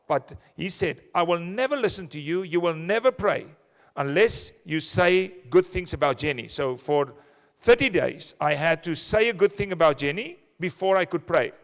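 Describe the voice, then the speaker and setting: A man at a conference sharing a personal testimony in an earnest, measured way. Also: a little high. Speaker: conference attendee. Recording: reverberant conference hall.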